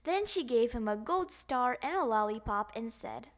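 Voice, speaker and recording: A woman narrating a children's picture book in an expressive, sing-song way. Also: fairly high pitch, normal speed. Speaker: storybook narrator. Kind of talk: children's audiobook reading.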